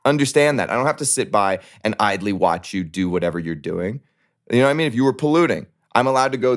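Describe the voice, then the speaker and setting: Man, low voice, blunt and profane, heated podcast guest. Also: lively intonation, quick pace. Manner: emphatic, profane, jumps up in pitch when mimicking others. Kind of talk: heated casual debate.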